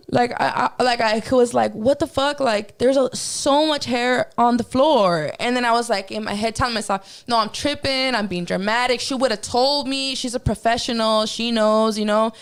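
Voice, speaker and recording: A woman's voice: on the high side, moderate pace, hardly any pauses, clear, resonant tone. A woman guest on a podcast telling a personal story in casual, profane talk, acting out her own reactions as she goes.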